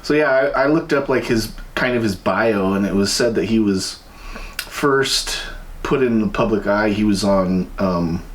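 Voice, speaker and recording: A man's voice: lowish voice, a little slow. A man co-hosting a casual podcast, joking around and swearing. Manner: joking, laughing, profane. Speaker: podcast co-host.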